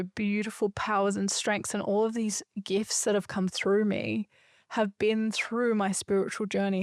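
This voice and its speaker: A woman's voice: mid-range voice, no echo, studio quality. A woman hosting a solo podcast, talking in an earnest, emphatic, reflective way. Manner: earnest, emphatic and spiritual, with a few loose swears. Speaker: podcast host.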